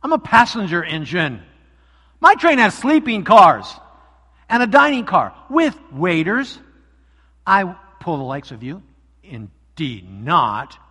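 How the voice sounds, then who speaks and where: A man putting on a proud, loud passenger engine, sneering from a storybook. He boasts in a slightly high voice, and the words ring through a hall with a long echo. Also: big pitch swings, takes it slowly, breathy edge, exaggerated voice. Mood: haughty. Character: haughty male passenger train engine, proud.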